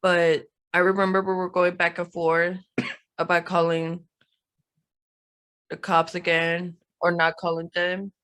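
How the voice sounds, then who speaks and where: A woman speaking as a podcast guest in a low-key, casual way. Her pitch barely moves as she tells her story in an even, steady tone. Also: takes it slowly, pauses often, clean tone.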